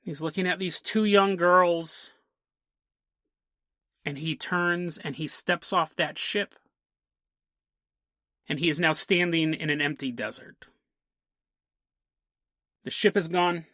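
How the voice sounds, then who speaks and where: A man's voice: a little high, pushed and bright, dry recording, clean studio sound. A man hosting a podcast, telling a strange story in a casual way with frequent laughs and jokey asides. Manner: laughs often, jokey asides, voices quick characters. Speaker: podcast host.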